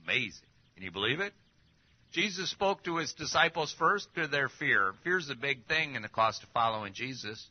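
A man preaching a sermon, full of rhetorical questions and swinging between loud and hushed. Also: medium pitch, normal speed. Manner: lively, rhetorical questions, drops to near-whispers. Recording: dull lo-fi recording.

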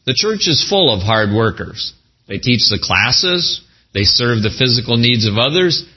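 A man preaching a sermon as a pastor, animated, with folksy asides. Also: medium pitch, slightly rough, muffled recording.

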